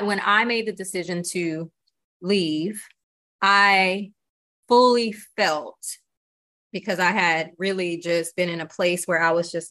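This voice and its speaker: A woman's voice: fairly low pitch, sharp tone. A woman guest on a podcast, speaking earnestly and reflectively in candid conversation, often checking in with "you know" and "right?".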